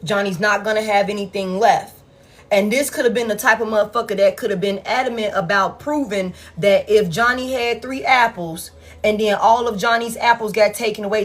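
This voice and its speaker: A woman giving a casual tarot reading, blunt and profane as she tells it. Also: a little high. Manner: blunt, profane, animated storytelling. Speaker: tarot reader.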